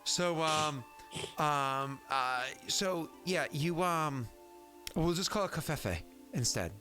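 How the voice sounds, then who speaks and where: A man in his thirties, the game master, speaks slowly in a rather high voice with a sharp tone, faint music playing behind him. He chats casually about the tabletop game and speaks in character, rambling with plenty of fillers and restarts.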